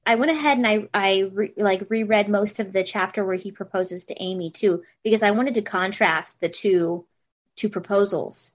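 A woman hosting a casual book discussion, talking in an animated way, thinking aloud and laughing easily. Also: medium pitch, normal speed. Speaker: podcast host.

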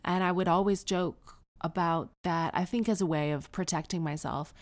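Answering a listener on her advice podcast, a woman speaks at normal speed in a lowish voice with fairly even intonation. Her candid, conversational storytelling draws on her own life, with frequent restarts and emphatic asides.

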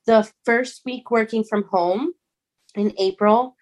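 A young woman who is a mother, telling a personal story in an earnest, halting way, often restarting words. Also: a little high, steady tone, a little mellow. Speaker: guest.

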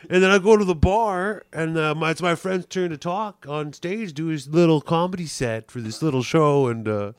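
A man's voice: a little high, normal speed, few pauses, clean tone, no room sound, clean studio sound, lightly acted. A man putting on the voice of a rowdy young man griping through a story about a bad night, rambling and indignant.

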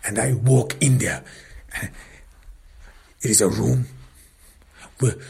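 A man narrating a dark first-person story, intense and angry, often dropping into whispers. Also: medium pitch, takes it slowly, vocal fry, breathy edge.

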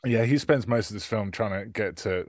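A man's voice: on the low side, normal speed, no room sound, clean studio sound. A man hosting a podcast, recapping a movie in casual chat, laughing often and hedging with fillers. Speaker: podcast host.

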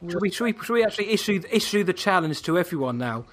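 Chatty male podcast co-host, slightly high. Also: big pitch swings, fast talker, a bit bright. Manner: jokey, chatty, wraps up the show. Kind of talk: casual podcast chat.

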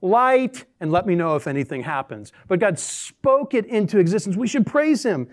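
A man preaching a sermon, reading scripture and telling jokes in an animated, dramatic way. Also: high-pitched, fairly quick. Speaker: pastor.

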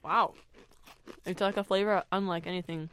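A woman's voice: on the low side, fairly even intonation, moderate pace, background noise. A woman in casual snack-tasting chat, making wry, teasing quips.

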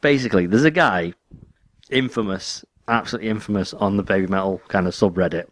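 Deep-voiced man, dry sound. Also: fast talker, dry recording. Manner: rambling, restarts mid-sentence. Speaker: podcast co-host. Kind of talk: casual chat.

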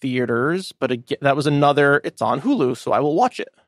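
A man's voice: mid-range voice, expressive, brisk, no echo, clean studio sound. A man hosting a podcast, chatting casually and rambling with fillers. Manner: rambling, loose, with many fillers and restarts. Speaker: podcast host. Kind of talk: casual chat.

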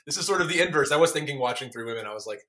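A man's voice: mid-range voice, animated, racing, sharp tone. A man guesting on a film podcast, jokey and self-deprecating. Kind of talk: casual chat.

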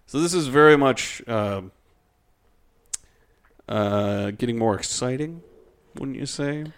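A man co-hosting a podcast, reading a document aloud with halting fillers and wry asides. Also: medium pitch, smooth.

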